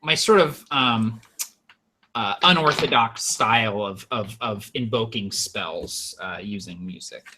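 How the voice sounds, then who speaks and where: A man's voice: fairly low pitch, a little slow, sharp tone, slight background noise. A young man playing in a tabletop game, chatting casually and stumbling over his words. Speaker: player.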